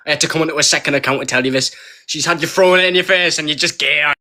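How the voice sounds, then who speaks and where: A man's voice: on the high side, rapid-fire, bright, forceful tone. A male caller on a debate livestream who talks in a sarcastic, taunting and crude way. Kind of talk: mocking debate banter.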